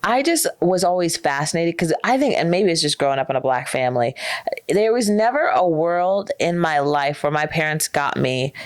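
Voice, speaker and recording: A woman's voice: low-pitched, normal speed, no echo. A young woman hosting a podcast, telling stories in casual chat, laughing often and acting out the people she describes. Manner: animated storytelling, laughs often, acts out voices. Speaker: podcast host.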